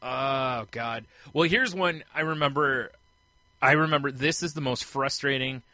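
A man co-hosting a casual podcast, telling animated stories and acting out the voices of the people he quotes. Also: mid-range voice, measured pace, no echo. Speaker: podcast co-host. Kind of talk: casual chat.

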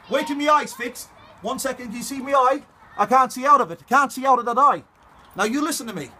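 A man with a strikingly high voice fires off a fight challenge at speed, taunting and repeating his points. His talk is aggressive and insistent, with faint ambient noise behind him. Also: fairly bright tone. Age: adult, older than 21. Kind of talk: confrontational video message.

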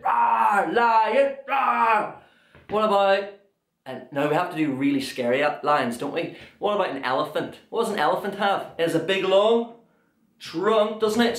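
A young man leading a kids' drum lesson, chanting call and response in a playful, sing-song way. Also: on the high side. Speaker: children's drum workshop leader. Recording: echoey room with drum music. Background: drum and percussion beat.

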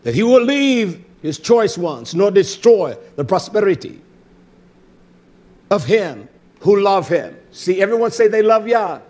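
A middle-aged man preaching a sermon, impassioned, swinging from low murmurs to shouts. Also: very animated, a little slow.

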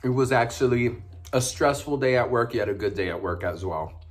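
A man's voice: medium pitch, moderate pace. A man talking casually while eating on his food vlog, savoring each bite with frequent pleased murmurs. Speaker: mukbang vlogger.

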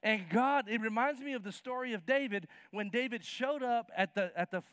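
Animated high-voiced preacher. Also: male voice, normal speed, clean tone, no room sound, clean studio sound. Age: 50s. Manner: animated, acts out Bible characters in slangy voices. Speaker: pastor. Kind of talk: sermon. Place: church sanctuary.

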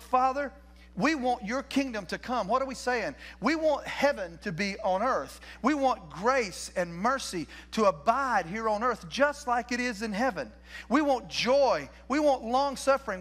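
A man's voice: sits high, fairly bright tone. An older man preaching a sermon as pastor in a church, folksy and conversational, restarting phrases and asking the congregation questions. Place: church sanctuary.

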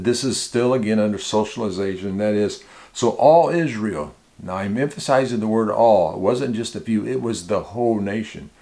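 A man's voice: lowish voice, creaky. A man preaching a conversational sermon to a small church, teaching in an informal way with frequent restarts and repeated words. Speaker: pastor.

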